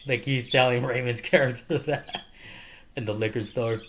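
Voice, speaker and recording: A man's voice: medium pitch, steady tone, moderate pace, a bit bright, a little hiss or hum. A man casually talking through a favorite movie, rambling with lots of fillers and frequent laughter. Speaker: movie reviewer. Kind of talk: casual movie review monologue.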